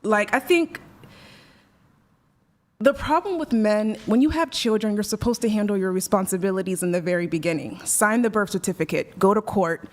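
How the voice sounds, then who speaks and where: A woman's voice: mid-range voice, normal speed. A woman calling in to a live-streamed show, earnestly explaining her family situation in casual talk. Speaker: caller. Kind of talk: casual call-in chat.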